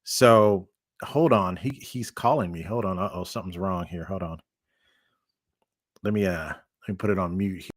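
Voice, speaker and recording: A man's voice: low voice, moderate pace. A man hosting a live stream, talking in a casual, hyped and rambling way with lots of banter. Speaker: livestream host.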